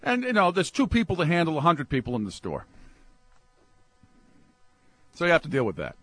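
A man hosting a sports talk show, ranting in a comic, exasperated way and swinging from low mutters up to yelps. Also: wildly swooping pitch, brisk, a bit bright.

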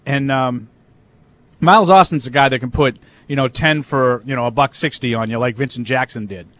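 A man's voice: medium pitch, moderate pace, fairly bright tone, dry recording. A man co-hosting a casual sports talk show, opinionated and argumentative, with lots of fillers. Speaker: sports radio co-host.

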